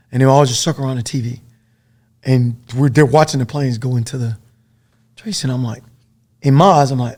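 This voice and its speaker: A middle-aged man and former soldier, a podcast guest telling stories in a casual, profane, animated way. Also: medium pitch, brisk, long pauses. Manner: profane, animated storytelling full of dude and man.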